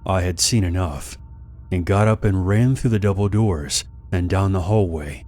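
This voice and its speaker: A man narrating a scary story in a calm, steady, scripted manner. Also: low voice, normal speed, soft background music.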